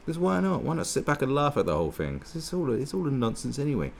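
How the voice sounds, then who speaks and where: A political commentator launches into a rambling, sarcastic rant full of swearing, restarting himself again and again. His mid-range voice is gravelly and quick, with pitch that swoops wildly, over a faint hiss or hum.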